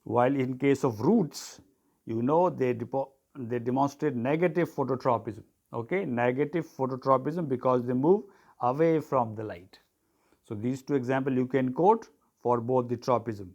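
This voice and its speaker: A man's voice: mid-range voice, moderate pace, a little mellow, muffled recording. Man teaching a biology lesson. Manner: dictating, repeats terms and spells them out.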